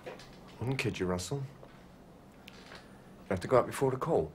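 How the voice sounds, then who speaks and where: An actor playing a steady, firm male police officer talking a gunman down, coaxing and persuasive, in a 1980s television police drama. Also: medium pitch, normal speed, noisy background, natural voice.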